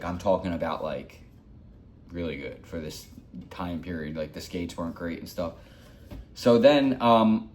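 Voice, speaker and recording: A man's voice: on the low side, a little mellow. A man in his forties telling a heartfelt personal story in a rambling, repetitive way. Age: 40s. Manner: rambling, heartfelt, repeats himself. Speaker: hockey vlogger.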